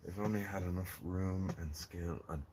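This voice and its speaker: A man's voice: low voice, steady tone, moderate pace, background noise. A man chatting casually on a gardening live stream, rambling and joking with viewers from his greenhouse. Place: in a greenhouse in the rain.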